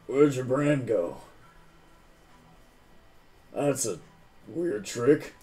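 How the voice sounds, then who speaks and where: A man doing a gruff dwarf henchman. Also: medium pitch, lively intonation, drawn-out words, dark tone. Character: rough male dwarf henchman.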